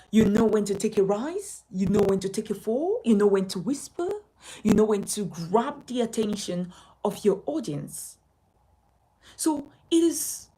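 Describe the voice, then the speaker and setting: Slow, emphatic woman teaching a speaking lesson. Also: medium pitch, warm tone, poor audio. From Nigeria. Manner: emphatic, instructive, repeats key points. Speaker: communication coach.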